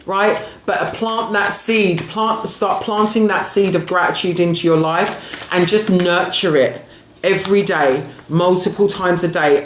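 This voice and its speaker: A woman giving a live-streamed oracle reading, affectionate, calling viewers darling and sweetie, often asking "right?" and laughing as she talks. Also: lowish voice. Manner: laughs often while talking. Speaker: spiritual reader and coach. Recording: echoey room with faint background noise.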